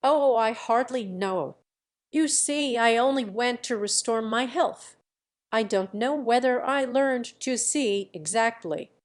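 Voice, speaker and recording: In this audiobook scene, a woman voices a gentle, kind, naive young man, speaking mildly, earnestly and slowly in a slightly high voice. The character remains polite and modest the whole time.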